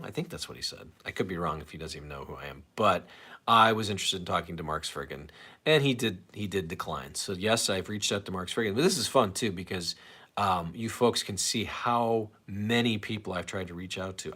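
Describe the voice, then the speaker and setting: A man's voice: lowish voice, a little fast, fairly bright tone. Rambling man hosting a live stream. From St. Louis area, USA. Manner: rambling, self-deprecating, reads comments aloud. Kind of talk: casual live stream chat.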